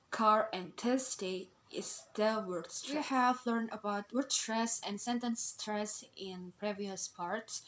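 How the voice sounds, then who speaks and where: A young woman explaining a class assignment as a student, hesitant, with frequent pauses and fillers. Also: mid-range voice, slight background noise, rough recording. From Indonesia. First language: Indonesian. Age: young adult. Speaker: student presenter.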